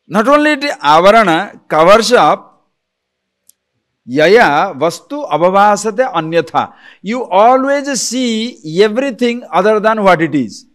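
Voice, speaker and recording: A man lectures on spiritual texts as a teacher. His voice sits slightly on the high side. He talks animatedly, keeps asking rhetorical questions and often chuckles. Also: fairly bright tone.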